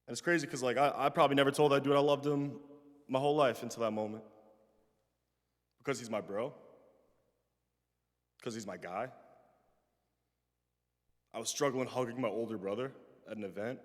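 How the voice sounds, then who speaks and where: A young man giving a personal storytelling talk as guest speaker, animated and acting out the voices he quotes, then dropping soft when he reflects. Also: mid-range voice, moderate pace, long pauses. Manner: animated, acts out quoted voices, trails off softly in reflective moments. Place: large chapel. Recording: long chapel reverb.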